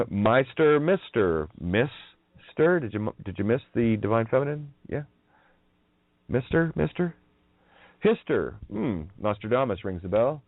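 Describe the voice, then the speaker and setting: A man's voice: mid-range voice, very animated, measured pace, no room sound. A man hosting a rambling solo radio monologue. He talks in a profane, mocking way, laughs often and plays on the sounds of words. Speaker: radio show host. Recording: narrow, tinny phone-like audio.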